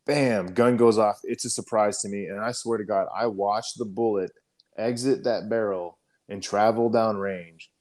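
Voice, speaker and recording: A man's voice: on the low side, steady tone, normal speed, darkish tone. A man on a podcast telling an army story in a casual, profane way, full of fillers and restarts. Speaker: podcast co-host, army veteran.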